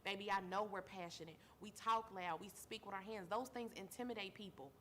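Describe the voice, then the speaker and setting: A woman's voice: mid-range voice, brisk, a bit bright, a little hiss or hum. A tired mother hosting her own show, giving an earnest monologue that repeats phrases for emphasis and calls listeners baby. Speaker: show host. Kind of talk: heartfelt talk-show monologue.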